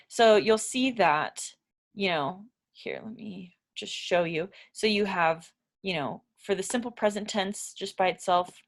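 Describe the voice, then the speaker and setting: A woman teaches an English grammar lesson with a patient, step-by-step delivery. She often stops to check that her learners follow and asks them questions. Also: medium pitch.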